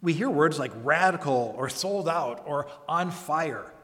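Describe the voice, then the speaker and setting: Man, pastor, slow deliberate sermon, high voice, echoing church hall. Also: fairly bright tone. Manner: earnest, emphatic preaching with rhetorical questions. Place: church service.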